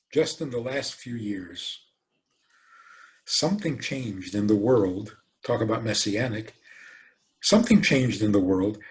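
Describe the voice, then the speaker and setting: A man speaks as a rabbi delivering a lecture. His pitch sits right in the middle. He tells his points as lively stories and leans on rhetorical questions. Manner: animated storytelling, acts out quoted voices.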